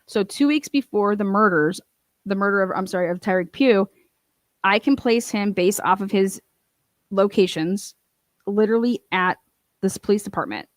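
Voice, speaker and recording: A woman's voice: mid-range voice, normal speed, no room sound. Woman host, mid-range voice, fired-up casual commentary, dry close sound. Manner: emphatic, indignant, with frequent fillers and asides. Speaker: true-crime advocate host.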